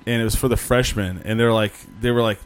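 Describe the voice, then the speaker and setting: A man's voice: lowish voice, fairly even intonation, quick pace, clean tone. Rambling man hosting a casual podcast. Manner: rambling storyteller, swears casually. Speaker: podcast host. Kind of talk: casual chat.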